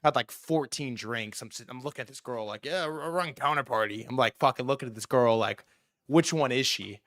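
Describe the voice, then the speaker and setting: A young man in his twenties hosting a stream, telling a story in casual talk, profane and animated, switching voices for the people he quotes. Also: medium pitch, fast talker, no room sound, clean studio sound. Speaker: stream host.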